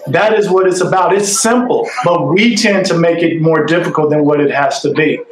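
A higher-pitched man speaks earnestly and with emphasis in a casual discussion. His voice bounces around an echoey room, with faint noise underneath. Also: moderate pace. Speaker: podcast panelist.

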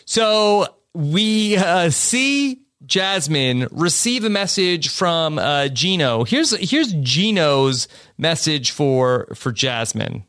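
A man's voice: fairly high pitch, big pitch swings, takes it slowly, fairly bright tone, clear, resonant tone, no room sound, clean studio sound. A man hosting a podcast, recapping a reality show in casual chat and often laughing. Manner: laughing, chatty recap with restarts. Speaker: podcast host.

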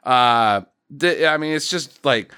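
A man co-hosting a casual podcast, recapping a movie in an animated, profane way and acting out bits of dialogue. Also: medium pitch, slow pace, clear, resonant tone. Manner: animated, swears a lot, acts out quotes.

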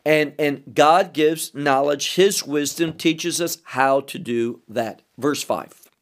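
A man teaching the Bible verse by verse, deliberately explaining Hebrew words as he goes. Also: a little high.

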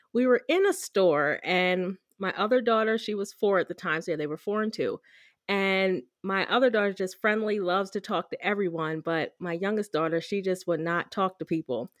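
A woman in her forties, a podcast guest, chatting casually and telling family stories with animated quotes. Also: mid-range voice, no room sound, studio quality. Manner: storytelling, animated when quoting. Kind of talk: casual chat.

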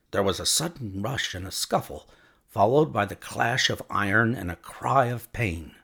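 A man narrating a classic story in a measured, expressive way. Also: lowish voice, vocal fry, slightly rough. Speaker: audiobook narrator.

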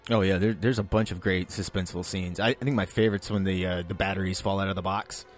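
A man co-hosting a podcast in casual chat, animated as he tells stories. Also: low voice, quick pace, faint music behind. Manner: animated storyteller. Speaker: podcast co-host.

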